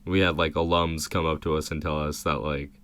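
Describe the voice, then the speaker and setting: A young man co-hosting a podcast, relaxed and agreeable in casual chat. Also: extremely low pitch, fairly quick, clean tone. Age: young adult. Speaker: podcast co-host.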